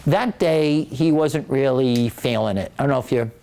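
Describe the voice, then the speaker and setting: A man, an author, giving a casual, animated storytelling talk to an audience in a library, joking as he goes. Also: medium pitch, moderate pace, creaky. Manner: animated, joking, acts out quoted voices. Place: public library meeting room.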